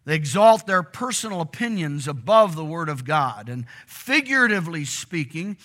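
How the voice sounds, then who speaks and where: A middle-aged man preaching a sermon to a congregation in a church, animated and often asking them questions. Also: fairly high pitch, moderate pace. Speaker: pastor.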